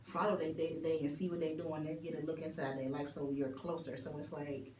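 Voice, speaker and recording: A woman guest DJ in a casual chat, talking in a relaxed, conversational way. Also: deep voice, brisk, slight background noise. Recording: roomy, distant mic.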